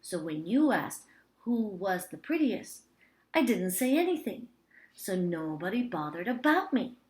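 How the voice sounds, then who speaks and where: A woman voicing a shy, scraggly little kitten in a picture book, speaking quietly. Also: mid-range voice, big pitch swings, unhurried. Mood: meek. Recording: roomy echo.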